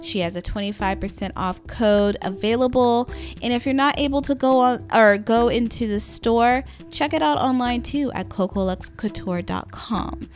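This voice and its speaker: A young woman hosting a casual podcast, raspy and getting over a cold, chatty and casually swearing as she talks to her listeners. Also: a little high, moderate pace, faint music behind. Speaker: podcast host.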